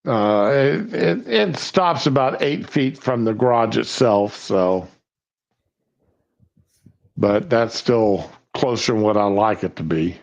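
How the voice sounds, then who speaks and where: Older man, halting host chat. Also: fairly low pitch, animated, creaky, lo-fi sound. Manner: halting, with many restarts and fillers. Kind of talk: casual chat on a live stream.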